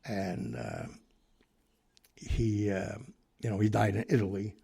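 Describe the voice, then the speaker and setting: A man telling an anecdote in a lively way, acting out the people he quotes, with fillers and restarts. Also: lowish voice, takes it slowly, vocal fry, husky. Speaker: storyteller guest.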